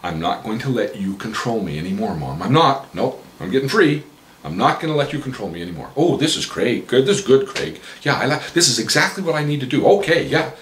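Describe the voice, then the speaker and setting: A man's voice: medium pitch, animated, brisk, few pauses, a bit bright, a little hiss or hum, lightly acted. A man in his forties voicing a frustrated husband who vents emphatically, in a roomy-sounding recording. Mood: determined. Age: 40s. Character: frustrated middle-aged husband.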